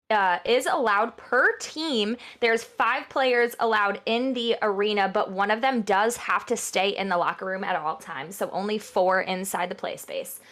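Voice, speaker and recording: Woman from New York, live esports host, fairly high voice, chatty and bubbly. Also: a bit bright. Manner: bubbly, chatty, laughs often. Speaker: esports caster. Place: broadcast booth.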